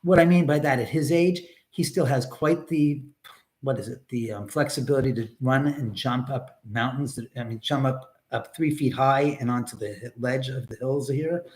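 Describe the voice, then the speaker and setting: A man's voice: mid-range voice, moderate pace, darkish tone. Rambling man chatting on a home livestream. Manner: rambling, talks to chat and his dog, swears when angry. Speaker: livestream host. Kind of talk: casual livestream chat. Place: indoors at home.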